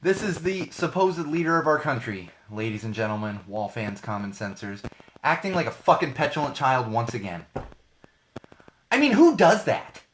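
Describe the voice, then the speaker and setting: A man's voice: medium pitch, lively intonation, normal speed, a bit bright, slight background noise. Profane, heated male podcast host. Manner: profane, heated, repeats phrases for emphasis. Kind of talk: solo live-stream rant. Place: small home studio.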